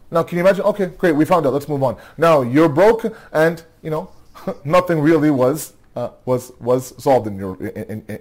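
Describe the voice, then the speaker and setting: A man's voice: on the high side, a little mellow. Earnest man teaching a Quran lesson. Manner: earnest, with repeated words and rhetorical questions; recites Arabic verses quickly. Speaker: religious teacher.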